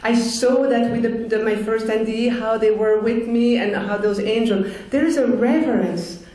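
Woman, testimony talk, earnest, unhurried, mellow tone, heavy room echo. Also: on the high side, fairly even intonation. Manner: slow, earnest, with frequent restarts and fillers. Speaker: speaker sharing a near-death experience.

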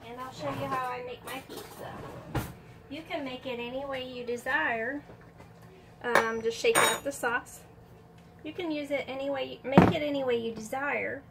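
A woman's voice: high voice, fairly even intonation, moderate pace, heavy background noise. A woman chatting folksily through a cooking demonstration in her home kitchen, sniffling a little from allergies. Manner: chatty, folksy, keeps saying "y'all".

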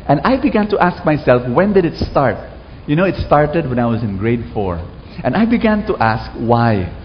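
Animated Filipino man preaching in a hall. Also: mid-range voice, moderate pace, slight background noise. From Philippines. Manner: animated call-and-response with the audience. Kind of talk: sermon. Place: large hall with a live audience. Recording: echoey hall, muffled sound.

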